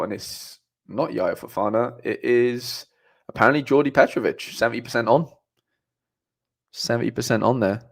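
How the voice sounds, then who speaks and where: Chatty young man, lowish voice. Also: vocal fry. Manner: chatty, rambling, frequent fillers and restarts. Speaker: livestream host. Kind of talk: casual live-stream chat reading viewer comments.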